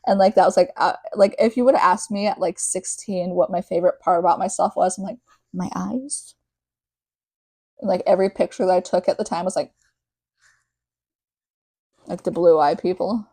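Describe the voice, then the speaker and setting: A woman's voice: fairly low pitch, fairly even intonation, fairly quick, dark tone, no room sound. Chatty young woman recapping a book. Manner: chatty, rambling with many fillers and tangents. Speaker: podcast host. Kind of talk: casual book recap podcast.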